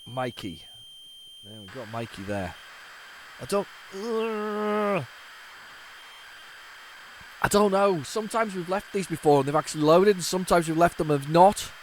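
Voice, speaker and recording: A man's voice: high-pitched, animated, measured pace, pauses often, slight background noise, poor audio. A man hosting a retro gaming video, chatting casually to viewers as he rambles, stumbles and restarts his sentences. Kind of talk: casual running commentary.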